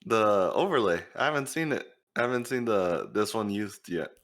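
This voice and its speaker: A man's voice: lowish voice, animated, normal speed, a bit bright. A man co-hosting a casual podcast, tossing in joking, playful asides. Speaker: podcast co-host.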